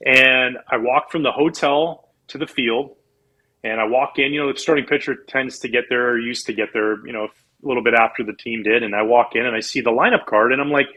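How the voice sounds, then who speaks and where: A man's voice: medium pitch, brisk, poor audio. A man in his forties, a former pro athlete, telling stories in a casual interview and acting out the people he quotes. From Canada. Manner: animated storyteller, acts out quoted people.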